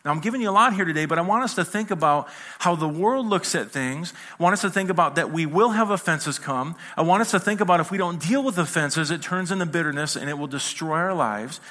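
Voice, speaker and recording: Bright-voiced man preaching a lively sermon. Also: fairly high pitch, quick pace, few pauses. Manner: conversational preaching with acted quotes and humor. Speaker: pastor. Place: church hall with congregation.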